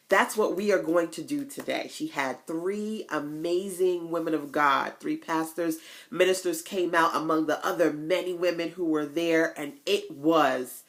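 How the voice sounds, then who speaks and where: Chatty, animated woman vlogging to viewers. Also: measured pace. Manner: chatty, animated storytelling with big pitch jumps; folksy asides to viewers. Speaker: online business coach. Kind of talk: casual motivational vlog.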